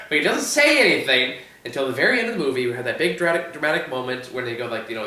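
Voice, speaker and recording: A man's voice: mid-range voice, big pitch swings, fast talker, bright, forceful tone, reverberant, far from the mic. A man reviewing a movie in casual chat, rambling through a story and laughing often.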